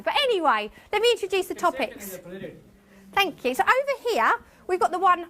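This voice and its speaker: A woman's voice: high voice, bright, forceful tone. A woman teacher presenting a workshop to a room of colleagues, chatty and self-mocking. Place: conference room with tables.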